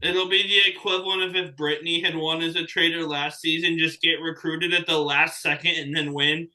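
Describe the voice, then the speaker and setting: A man's voice: fairly high pitch, level tone, a little fast, bright, forceful tone, rough recording. A man co-hosting a casual podcast, talking in a wry, joking way. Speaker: podcast co-host. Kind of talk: casual chat.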